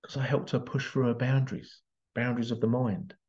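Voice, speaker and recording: A man's voice: mid-range voice, little pitch movement, fairly quick, a little mellow, dull audio. A man telling a story as a parent in a casual motivational talk, acting out the voices of the people in it. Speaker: parent giving life advice.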